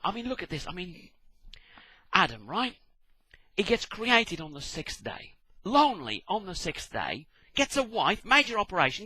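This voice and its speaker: A man's voice: high voice, bright, forceful tone, breathy edge, rough recording. A British man giving a sarcastic, exasperated comic rant, swearing as he goes. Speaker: vlogger. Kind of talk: ranting comic monologue.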